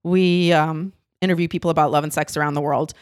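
A woman who is a comedian, guesting on a podcast and telling deadpan jokes in casual chat. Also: low-pitched, fairly quick, clear, resonant tone, no room sound, clean studio sound.

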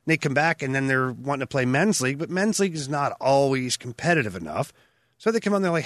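A man talking casually on a podcast as a retired hockey player and co-host, telling lively stories and acting out what other people said. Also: mid-range voice, quick pace, no room sound. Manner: lively storyteller acting out quotes.

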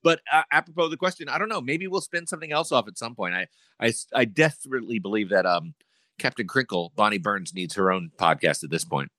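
Male co-host, playful, bright tone, very lively pitch, dry close sound. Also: quick pace, no room sound. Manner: playful, laughing. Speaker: podcast co-host. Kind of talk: casual chat.

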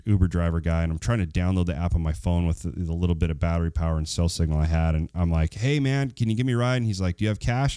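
Male vlogger, smooth voice, dry close sound, rambling storyteller fighting off a cold. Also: low voice, warm tone, no room sound. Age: adult. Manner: rambling, many fillers, acts out quoted dialogue. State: getting over a cold. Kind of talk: casual storytelling to viewers.

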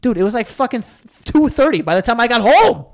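Young new guy, podcast host, swears a lot, tells stories all animated. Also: very high-pitched, fairly quick. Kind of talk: casual chat.

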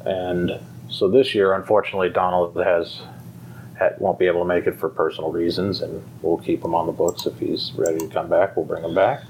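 A man's voice: sits low, flat delivery, a little fast, darkish tone, a little hiss or hum, rough recording. A man who runs a fire department pipe band school, talking casually and rambling with many fillers and restarts. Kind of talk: casual conversation.

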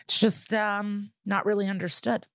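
A woman's voice: medium pitch, normal speed, dry recording, studio quality. A woman co-hosting a podcast, casually and profanely recapping a TV episode. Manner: chatty, profane, animated retelling. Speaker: podcast co-host.

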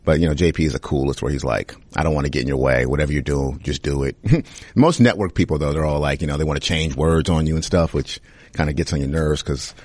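A young man, a comedian, answering interview questions in a relaxed, rambling way. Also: rumbling low, fast talker, no room sound.

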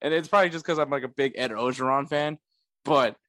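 A young man co-hosts a casual podcast chat, talking fast at a medium pitch. He jokes around, laughs often and stays animated throughout, recorded with clean studio sound and no echo.

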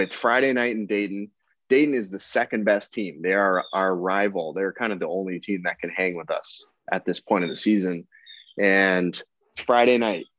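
A man's voice: on the low side, no echo. A young man, a pro baseball player, telling a story casually as a podcast guest and acting out the people in it. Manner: relaxed, chatty, quotes people in dialogue. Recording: dull, lo-fi dry sound.

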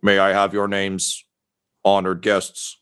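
A man playing a slow, halting cyborg scribe. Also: sits low, monotone, a bit bright, smooth. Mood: formal.

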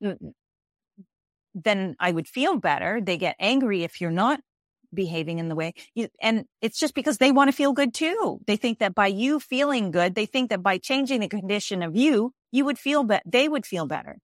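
Brisk and animated, this woman speaks at medium pitch as an interview guest, an executive life coach and author laying out her ideas. She is emphatic and repetitive, hammering key phrases and frequently restarting, in a close, dry recording.

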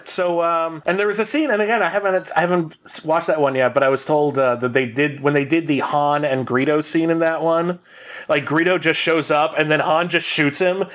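A man's voice: fairly high pitch, steady tone, a little fast, a bit bright. A man co-hosting a podcast, telling a long comic story in a rambling, self-mocking way with many fillers. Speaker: podcast co-host. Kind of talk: casual storytelling.

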